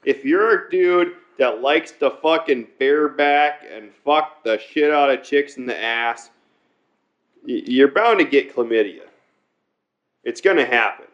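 A man's voice: mid-range voice, lively intonation, a little slow. Crude rambling man, lo-fi sound. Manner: profane, rambling, repeats himself. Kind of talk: crude casual banter. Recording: dull lo-fi recording.

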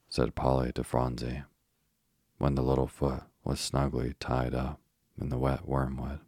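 A man narrating a bedtime sleep story in a slow, soothing reading voice. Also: rumbling low, monotone, darkish tone, husky, no room sound, clean studio sound.

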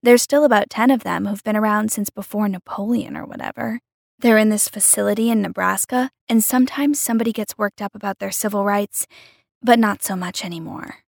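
A woman's voice: medium pitch, steady tone, fairly quick, creaky, no room sound, clean studio sound. A woman narrating a first-person story in a casual, wry, conversational way.

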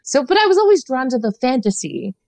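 Thirties woman guest, animated and giggly, pitch swinging all over, dry close mic. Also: fairly quick, vocal fry, no echo. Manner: animated, laughing, many fillers. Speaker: podcast guest. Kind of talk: casual chat.

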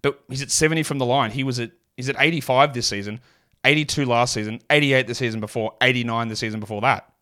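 Aussie guy with a mild accent running his solo hoops fantasy podcast, mid-pitched, reeling off numbers. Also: steady tone, sharp tone. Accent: mild Australian. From Australia. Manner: rapid stat-heavy delivery with asides. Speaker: fantasy basketball podcast host.

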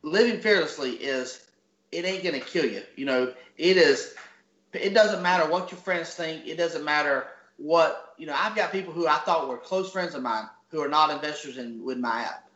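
A man's voice: fairly high pitch, moderate pace, fairly bright tone. A man with a Georgia Southern accent, a guest speaking in a folksy, motivational way on a podcast interview. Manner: folksy, motivational, restarts sentences. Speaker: guest, app founder. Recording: echoey, dull lo-fi audio.

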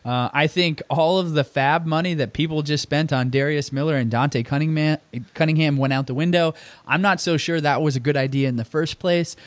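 A man hosting a casual fantasy basketball podcast, brisk and steering the talk. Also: fairly high pitch, dry recording. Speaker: podcast host. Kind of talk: casual fantasy sports chat.

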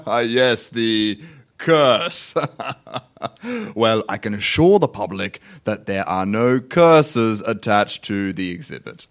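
A man's voice: lowish voice, expressive. A man playing a polite but exasperated museum spokesman at a press conference in a comedy sketch. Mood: strained polite. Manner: slow, formal, strained politeness, nervous laughs.

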